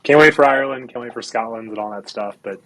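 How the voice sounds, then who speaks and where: A man's voice: medium pitch, fast talker, noisy background. A man hosting a golf podcast, telling stories with animation, lots of "like" and some swearing. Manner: animated storytelling, profane, many "like"s and "you know"s. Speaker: podcast host. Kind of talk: casual chat.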